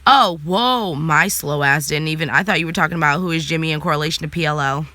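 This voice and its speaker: Young woman vlogger, sassy and blunt, bright tone, dry close sound. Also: sits low, quick pace, no echo. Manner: blunt, sassy, swears freely. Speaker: vlogger answering live chat. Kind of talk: casual live chat.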